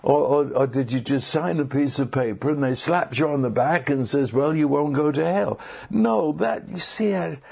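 Halting, gravelly male preacher. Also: mid-range voice. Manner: halting, repeats words, bursts of excitement. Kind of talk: sermon.

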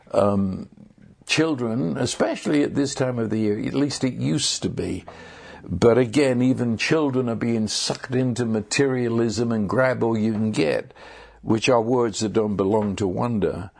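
A man preaching a sermon, halting and repeating words, with sudden bursts of excited emphasis. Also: medium pitch, vocal fry.

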